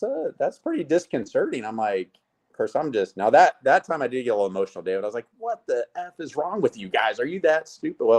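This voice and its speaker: A man in a casual interview, telling stories from his business life and acting out what people said to him. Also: fairly low pitch. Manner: animated storyteller, acts out quotes. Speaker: guest, network marketing leader.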